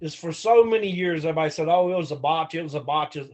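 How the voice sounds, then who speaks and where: A man, a former pro wrestler, telling stories as a podcast guest in a casual, profane, animated way that acts out the quotes. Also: on the high side, rapid-fire. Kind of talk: casual storytelling.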